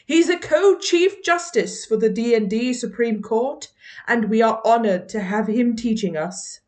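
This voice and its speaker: A woman's voice: on the high side, measured pace, darkish tone. A woman with a British accent co-hosting a podcast, speaking in a mock-formal, welcoming way. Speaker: podcast co-host. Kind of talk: casual podcast chat.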